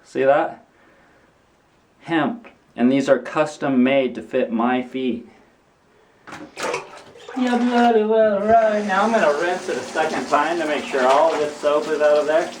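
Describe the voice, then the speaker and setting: Slow, rambling man in an echoey bathroom. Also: a little high, fairly even intonation, far from the mic, noisy background. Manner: rambling, preachy, with frequent restarts. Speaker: vlogger demonstrating hand-washing laundry. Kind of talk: casual how-to vlog. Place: bathroom, washing clothes in a tub. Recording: echoey bathroom, off-mic, running water.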